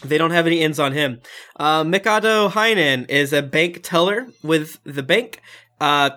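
Lively bright-voiced man running the game. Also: on the high side. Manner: animated, laughs often, quick character voices. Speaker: dungeon master.

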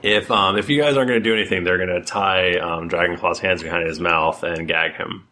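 A man running a tabletop game as game master, relaxed and a little hesitant with fillers. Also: sits low, a little fast.

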